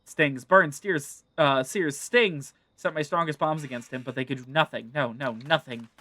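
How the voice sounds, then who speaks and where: A man's voice: on the high side, normal speed, bright, forceful tone, no room sound. A man reading the lines of a timid kobold who rambles in strings of synonyms. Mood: fretful. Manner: lists synonyms one after another.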